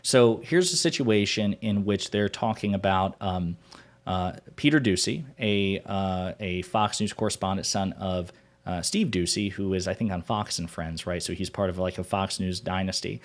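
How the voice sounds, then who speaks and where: A man's voice: deep voice, normal speed. A man hosting a political commentary show, arguing his points emphatically and repeating them for stress.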